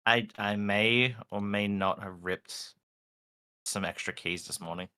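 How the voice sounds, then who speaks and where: Excitable Australian man with a bright voice. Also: lowish voice, measured pace, clean tone. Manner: excitable, boastful. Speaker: co-streamer guest. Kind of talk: casual voice-chat banter.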